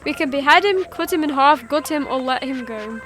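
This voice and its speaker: A woman's voice: high-pitched, expressive, normal speed, a bit bright, faint music behind, voice pushed down. A woman voicing a cheerful, sadistic girl who hosts a show, speaking in a sweet, mocking sing-song while reading game dialogue. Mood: gleeful.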